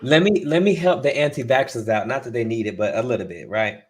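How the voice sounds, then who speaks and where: Male co-host, relaxed and explanatory, thinking out loud. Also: medium pitch, a little fast. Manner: explanatory, thinks aloud with fillers. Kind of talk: casual podcast chat.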